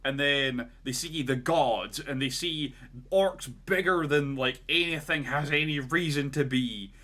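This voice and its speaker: Bright-toned man rambling through a story. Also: fairly high pitch, unhurried. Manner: rambling, lots of "like" and "right?". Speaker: podcast co-host. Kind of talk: casual storytelling chat.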